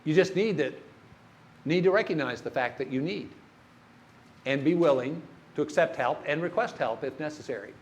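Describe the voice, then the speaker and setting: A man's voice: on the high side, animated, moderate pace, pauses often, a little hiss or hum. An older man preaching a sermon in a church, telling stories and putting questions to the congregation. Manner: storytelling, asks the congregation questions.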